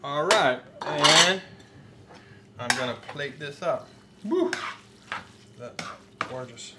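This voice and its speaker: A man's voice: a little high, expressive, slow pace. A man hosting a home cooking demonstration in a hammy, put-on comic accent, giving chatty step-by-step instructions in his kitchen. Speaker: cooking show host. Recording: echoey kitchen with background noise. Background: sizzling and clattering pans.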